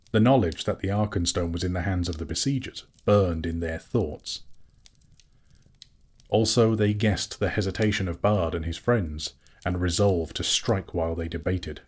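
A man narrating an audiobook with a steady storytelling reading. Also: sits low, slightly rough. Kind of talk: scripted narration.

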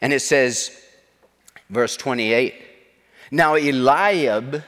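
A man's voice: mid-range voice, extremely slow, fairly bright tone, long reverb tail. A middle-aged man, a pastor, preaching a sermon with emphatic, repetitive delivery.

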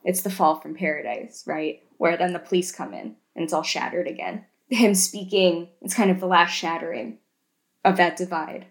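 A woman co-hosting a casual podcast, retelling film scenes in an animated way and tagging lots of questions. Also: lowish voice, moderate pace. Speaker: podcast co-host.

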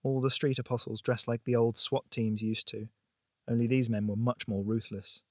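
A man narrating a thriller audiobook in a steady, expressive storytelling voice. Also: mid-range voice, moderate pace, no echo, studio quality.

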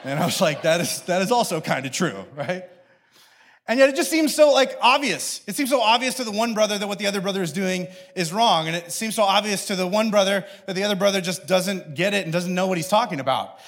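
A man with a notably high, light voice delivers a church sermon. He tells a family story with lively energy, slipping into his children's voices as he goes. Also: quick pace. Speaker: pastor. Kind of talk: sermon with personal stories.

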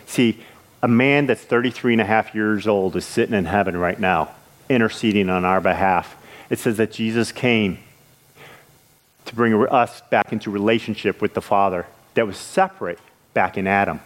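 A man preaching a sermon in an earnest way, with halting restarts, his voice rising when he retells scripture scenes. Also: on the low side.

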